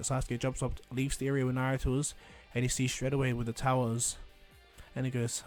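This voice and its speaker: A man's voice: mid-range voice, little pitch movement, fairly quick, a little mellow, soft background music. Casual, rambling male storyteller. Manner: rambling, with fillers and "and he goes". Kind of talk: casual fan-fiction retelling.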